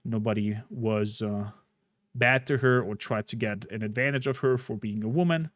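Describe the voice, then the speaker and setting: A man's voice: lowish voice, normal speed, fairly bright tone, no echo, studio quality. A man streaming a game, chatting casually and rambling through a recap. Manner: rambling, chatty, with frequent fillers. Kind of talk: casual gameplay commentary. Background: faint game music.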